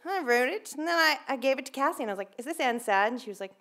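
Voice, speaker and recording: Brief: woman author, high and very lively voice, jokey storyteller. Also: racing, background noise. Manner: playful, joking storyteller. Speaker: fellow author on panel. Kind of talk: casual storytelling on stage.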